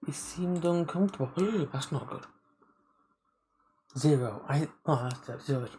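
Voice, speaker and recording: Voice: mid-range voice, measured pace, warm tone, slight background noise, low-quality recording. A streamer on a live game play-through, reading the story text aloud and stopping to comment, often stumbling over and restarting words.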